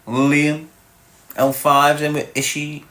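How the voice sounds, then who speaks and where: A man's voice: on the high side, completely flat delivery, takes it slowly, sharp tone. A man with a Liverpool Scouse accent hosting a livestream, bantering crudely and teasing viewers as he reads the chat. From Liverpool, England. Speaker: livestream host reading chat. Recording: echoey room.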